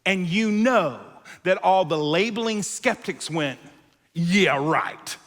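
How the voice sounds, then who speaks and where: A male pastor preaching a sermon, telling a story with animated acted-out voices and dropping to quiet, intense moments. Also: high voice, a little slow, big-room sound. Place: church auditorium.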